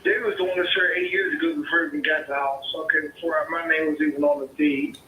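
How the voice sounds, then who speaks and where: A man argues on a phone call, swearing freely and circling back to the same points. His voice sits a little high and sounds bright. The line is echoey, with faint noise behind it. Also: lively intonation, fast. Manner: swearing, repetitive, argumentative. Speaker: caller, homeowner.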